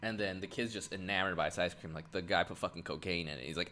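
A man co-hosting a casual podcast, swearing freely and retelling a story with animated quoted lines. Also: sits low, fast, few pauses, background noise. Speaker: podcast co-host. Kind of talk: casual chat.

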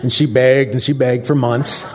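A man preaching a holiday sermon with a joking, conversational delivery. He talks with his congregation and often asks them questions. His voice sits at an ordinary pitch for a man. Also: level tone, moderate pace, background noise. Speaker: pastor. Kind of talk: Christmas Eve sermon.

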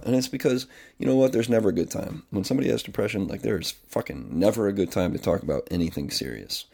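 A man's voice: on the low side, fast talker, vocal fry, darkish tone. A man who works as a kindergarten teacher, talking candidly in a rambling personal monologue, often restarting his sentences and swearing casually. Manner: rambling and confessional, with frequent restarts.

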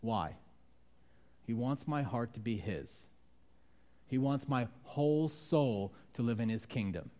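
A man preaching a sermon in a mellow, warm voice. He talks to the congregation conversationally and breaks into sudden loud, high outbursts when he acts out voices. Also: lively intonation, takes it slowly, pauses often. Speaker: pastor.

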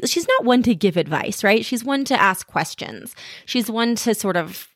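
A woman's voice: fairly high pitch, sing-song, moderate pace, no room sound, studio quality. A woman in her thirties hosting a podcast, telling candid personal stories in a frank, self-deprecating way and swearing freely. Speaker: podcast host. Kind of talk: candid personal storytelling monologue.

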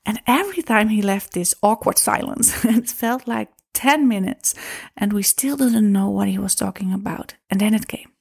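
A woman recounting a deeply personal experience, reflective and emotional, breaking into soft laughs and making small grammar slips as she goes. Her voice sits at an ordinary middle pitch and carries a gravelly, creaky texture. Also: moderate pace. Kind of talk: personal storytelling.

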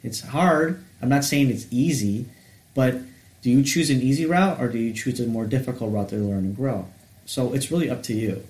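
A man's voice: medium pitch, normal speed, a little mellow, roomy sound, low-quality recording. A man co-hosting a casual faith-based chat, speaking in a sincere, reflective, motivational way. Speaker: podcast co-host.

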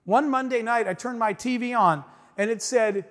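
This middle-aged motivational speaker's voice sits high for a man and has a fairly bright tone at normal speed. He tells his story emphatically, frequently addressing the crowd, and each line trails off in long big-hall reverb.

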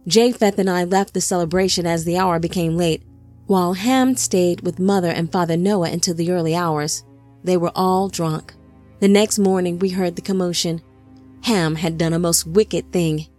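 A woman narrating a scripted biblical-style story in a measured storytelling manner. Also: lowish voice, fairly even intonation, darkish tone, faint music behind.

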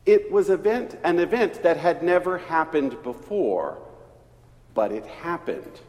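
Middle-aged pastor from East Texas, unhurried storyteller with a lively, swooping voice, heard in a reverberant church hall. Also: male voice. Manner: slow, storytelling delivery with wide swings in pitch and volume. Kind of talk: sermon.

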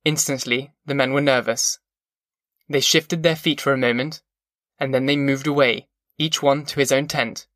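Bright-voiced male audiobook narrator. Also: medium pitch, dry recording, studio quality. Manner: measured, even storytelling.

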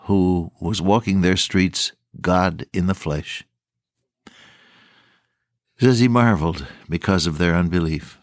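A man preaching a sermon earnestly and emphatically, slowing down to stress key words and quoting old-fashioned scripture phrasing. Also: on the low side, no echo, studio quality.

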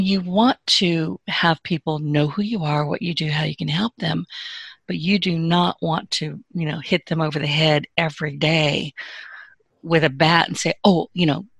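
A woman's voice: sits low, no echo. A woman, a podcast guest who gives business advice in a frank, emphatic and joking way. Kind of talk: casual interview advice.

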